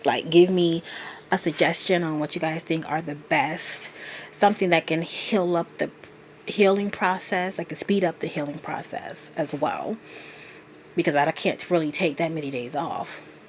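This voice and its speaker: A woman's voice: low-pitched, fairly even intonation, moderate pace, a little hiss or hum. A woman in her thirties talking straight to camera in a confessional vlog, earnest and emotional as she confides in her viewers. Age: 30s. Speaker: vlogger.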